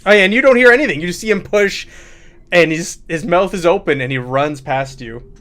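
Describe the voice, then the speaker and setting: A man narrating as game master of a tabletop horror game, in an animated way. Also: high voice, fairly quick.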